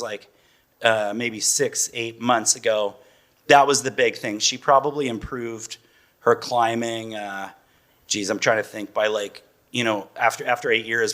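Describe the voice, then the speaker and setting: A man in his forties speaks casually as a parent guest on a panel, chatty and loose, rambling and often breaking into laughter. His voice sits at an ordinary middle pitch with a fairly bright tone.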